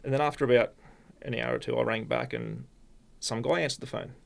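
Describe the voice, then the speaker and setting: An Australian man, a podcast guest, telling a personal story in a halting, rambling way with many restarts. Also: mid-range voice, steady tone, gravelly. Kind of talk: casual storytelling.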